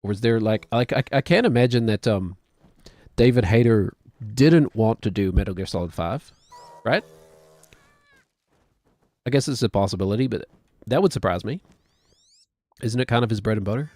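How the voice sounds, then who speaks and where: A man likely in his thirties, with a New Zealand accent, streams a video game as casual gaming commentary and thinks aloud in a rambling, self-deprecating manner. His voice is on the low side and warm, and the recording is dry.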